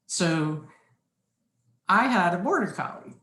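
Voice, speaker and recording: A woman giving a slide presentation, speaking in a measured, instructive way with deliberate pauses. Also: fairly low pitch, animated, fairly bright tone. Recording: roomy echo.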